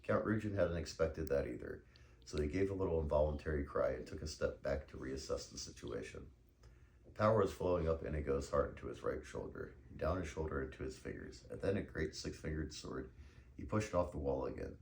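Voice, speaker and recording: Very deep, gravelly male narrator. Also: lively intonation, fairly quick, darkish tone. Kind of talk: reading a novel aloud.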